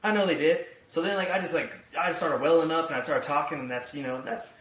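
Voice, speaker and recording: Co-hosting a podcast, a man who is also a youth coach rambles casually with lots of fillers. His voice is a little high, fast and fairly bright, recorded in an echoey room far from the mic.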